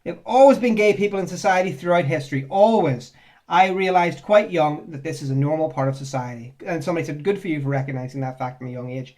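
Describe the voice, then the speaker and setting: High-voiced man, sarcastic. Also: fast, darkish tone. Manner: chatty, sarcastic and rambling, with frequent laughs. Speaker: ex-Jehovah's Witness vlogger. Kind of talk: casual commentary on reader comments.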